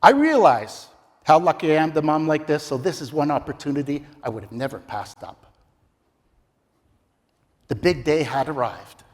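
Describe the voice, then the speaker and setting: A middle-aged man competing in a speech contest tells a comic story theatrically, his high-leaning voice sing-song at a moderate pace with frequent pauses. The sound reverberates through the large ballroom.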